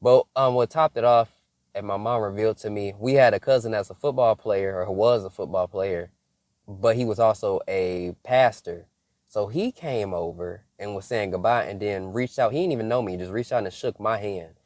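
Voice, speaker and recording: A young man from Michigan telling a casual story as a faith vlogger, animated, laughing often and breaking into mock-scolding asides. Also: fairly low pitch, moderate pace, no room sound, clean studio sound.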